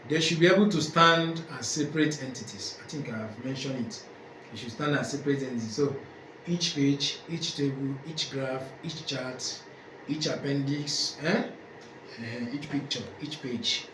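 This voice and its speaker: A man's voice: medium pitch, normal speed. A male lecturer teaching a class, who asks questions, answers them himself and repeats key points. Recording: echoey room, faint background noise.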